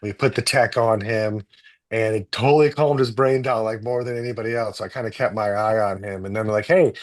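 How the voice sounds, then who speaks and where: A man, a guest doctor, telling stories in a relaxed interview, animated and full of restarts. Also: on the low side, fairly quick. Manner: animated storyteller, many restarts and acted-out quotes. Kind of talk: casual storytelling in an interview.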